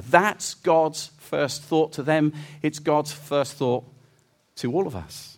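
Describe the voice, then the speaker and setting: A middle-aged man preaching a sermon. He talks earnestly, climbs to loud emphasis and drops to a soft hush. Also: on the high side. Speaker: pastor.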